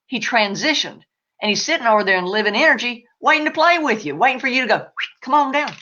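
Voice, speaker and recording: A woman answering live questions as an animal spirit medium, emphatic and animated. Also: a little high, quick pace, dull audio.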